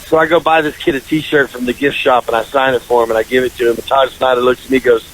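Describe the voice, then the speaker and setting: Animated man telling a long story. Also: fast talker, a little hiss or hum, poor audio. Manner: animated storyteller, jumps into high voices for quoted friends. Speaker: country singer, guest. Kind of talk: casual storytelling interview. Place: radio studio.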